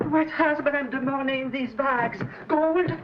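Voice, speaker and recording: An actress playing a loyal, sharp-tongued maid in a 1940s film, speaking tartly. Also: female voice, sits high, steady tone, moderate pace, natural voice. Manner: tart, sardonic. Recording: dull, noisy old film soundtrack.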